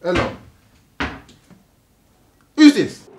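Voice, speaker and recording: An actor with a London accent playing a hot-headed young gangster who swears and pushes hard. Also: male voice, drawn-out words, a little mellow, slight background noise. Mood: angry. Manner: aggressive, swearing, pushy. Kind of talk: gritty film acting.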